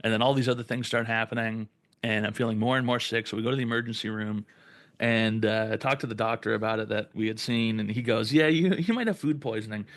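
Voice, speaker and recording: A man's voice: fairly low pitch, fast talker, dry recording. Profane young man telling a story. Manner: profane, animated retelling with quoted voices. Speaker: podcast co-host. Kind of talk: casual storytelling.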